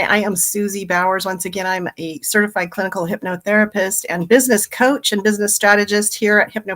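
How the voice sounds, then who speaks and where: A woman's voice: medium pitch, fairly bright tone. A middle-aged woman, a hypnotherapist and business coach, giving a chatty, upbeat live training talk and laughing easily.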